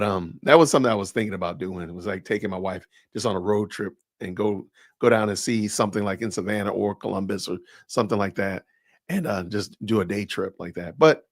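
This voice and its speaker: Here the man's voice is fairly low, captured dry at studio quality. He's a Southern-accented podcast host chatting casually on a livestream, rambling and frequently circling back to fix what he said.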